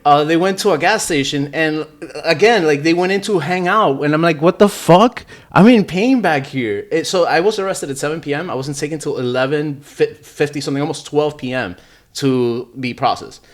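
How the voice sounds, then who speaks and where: A man's voice: fairly high pitch, a little fast. A man telling his own story as a podcast guest in casual chat, rambling with lots of fillers and swearing. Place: podcast studio.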